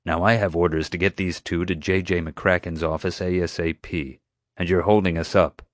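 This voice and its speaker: A man's voice: low-pitched, little pitch movement, normal speed, dry recording, clean studio sound, natural voice. A man voicing a tough, protective male escort who growls his words firmly. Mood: stern. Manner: growling, firm.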